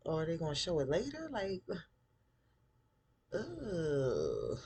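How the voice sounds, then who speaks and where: A man casually recapping a TV episode, chatty and animated, acting out the characters' lines in a style. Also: a little high, slow, pauses often, breathy edge. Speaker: TV show recap host.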